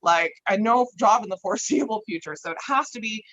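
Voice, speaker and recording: A woman's voice: mid-range voice, lively intonation, fairly quick, a bit bright, dull audio. A woman chatting casually as a podcast guest, laughing often and swearing freely. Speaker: guest grower.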